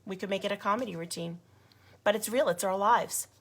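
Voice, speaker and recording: This grassroots organizer talks a little fast at a medium pitch. Her video update to followers is passionate and indignant, and she hammers her points home by repeating them.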